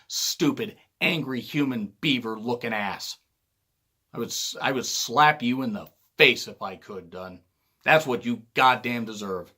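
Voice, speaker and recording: A man in a loud, angry rant, voice sitting at an ordinary middle pitch. He talks in a heated, profane flow and keeps his anger up throughout. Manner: loud, heated, swearing often. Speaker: wrestling show reviewer.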